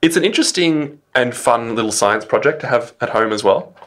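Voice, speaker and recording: A man's voice: medium pitch, animated, brisk, a bit bright. An Australian man hosting a casual science podcast, chatty and enthusiastic, laughing easily with his co-host, with music in the background.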